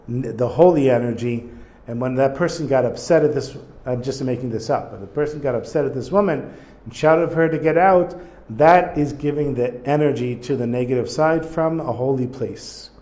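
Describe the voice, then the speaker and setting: A man teaching a religious text, reading short Hebrew passages and then explaining them in relaxed, plain English while thinking aloud. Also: mid-range voice. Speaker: Torah teacher. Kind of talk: casual text study lesson.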